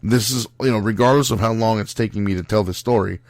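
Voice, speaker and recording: A man's voice: lowish voice, fast, gravelly, no room sound. A young man hosting a podcast, telling a road story in a casual, rambling monologue. He talks bluntly, swears freely and keeps correcting himself with lots of fillers. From Italian-American background. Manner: blunt and profane.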